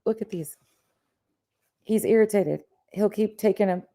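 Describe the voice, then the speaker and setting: A woman's voice: medium pitch, measured pace, dark tone. A woman co-host chatting casually on a live stream, giving amused running commentary and swearing casually.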